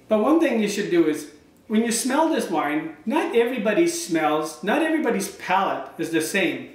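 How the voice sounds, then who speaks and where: Guy rambling about wine at home, high voice, far from the cam in a really echoey room. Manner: rambling, chatty, drifts into anecdotes. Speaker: wine review vlogger. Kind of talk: casual home video review. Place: room at home, filmed by his wife. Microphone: camera mic from a distance.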